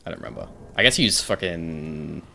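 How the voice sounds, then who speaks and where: Deep, gravelly young British man. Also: big pitch swings, moderate pace, pushed and bright, a little hiss or hum. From Britain. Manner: rambling, thinks aloud, answers chat, swears casually. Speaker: streamer. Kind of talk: casual live-stream chat while gaming.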